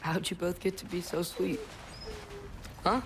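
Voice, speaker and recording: A man's voice: high-pitched, steady tone, unhurried, creaky, background noise. An actor playing an earnest, determined teenage boy, the hero's son, in a video game. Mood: tender. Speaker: lead character. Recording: game audio with loud music.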